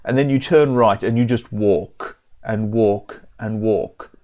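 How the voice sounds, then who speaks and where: A man casually talking through a video game on a stream, chatty and self-deprecating, stopping now and then to clear his throat. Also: fairly low pitch, slow pace, a little mellow. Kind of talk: casual game commentary and reading.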